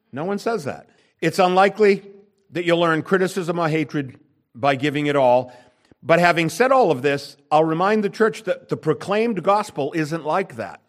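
Emphatic male preacher with a lively pitch. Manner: emphatic preaching with wide swings in pitch and loudness; rhetorical questions to the congregation. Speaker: pastor. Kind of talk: sermon.

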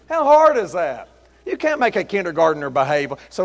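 A middle-aged man preaching a sermon as pastor, folksy and storytelling, rising to loud emphatic peaks. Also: fairly high pitch, sing-song, moderate pace, long reverb tail. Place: church sanctuary.

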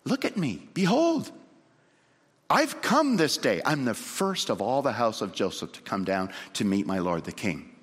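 Man doing a scheming old Israelite, shouting curses and bragging, lively swooping pitch. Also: measured pace, breathy edge. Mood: boastful. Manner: shouting curses, then boastful pleading. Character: scheming, self-promoting older Israelite man. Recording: long hall reverb.

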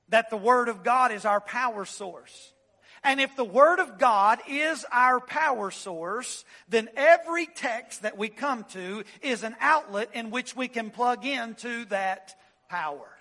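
A man preaching an expository sermon, with dramatic swings from loud emphasis down to hushed, low phrases. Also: measured pace. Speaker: pastor. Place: church sanctuary.

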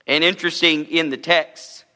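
Guy pastor giving a sermon, kinda high sharp voice, jokey and chatty, big reverb in the sanctuary. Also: fairly even intonation, normal speed. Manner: conversational preaching with humorous asides.

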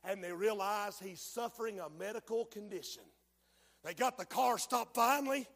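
A man preaching a fiery sermon, dropping to a hush and then rising to shouts. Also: high voice, moderate pace, long reverb tail. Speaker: pastor. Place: church sanctuary.

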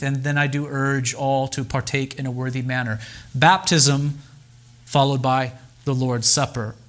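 A pastor delivers a sermon in a slightly raised male voice. He speaks deliberately and with emphasis, pausing often and repeating key phrases. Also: a little high, fairly bright tone.

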